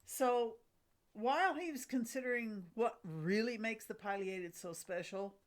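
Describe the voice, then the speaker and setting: Woman host, middle-aged, unhurried and enthusiastic, scripted nature narration. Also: on the high side. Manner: enthusiastic, with a light laugh. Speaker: host of a bird watching channel.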